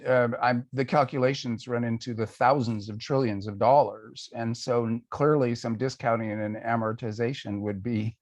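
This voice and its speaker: An older man, a guest author, answering questions in a conversational panel talk, measured and thoughtful with pauses and fillers. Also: mid-range voice, fairly even intonation, darkish tone, no echo.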